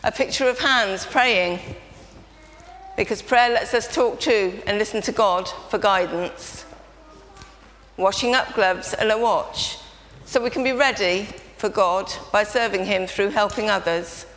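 A woman's voice: mid-range voice, unhurried. A woman leading a children's talk in a church service, prompting the congregation to join in. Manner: lively, prompting audience participation. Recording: reverberant church, faint background noise.

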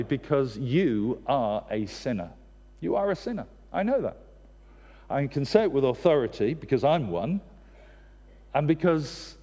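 A man's voice: mid-range voice, warm tone. A man preaching a sermon, earnest and direct, with wry humorous asides. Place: church. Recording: long church reverb.

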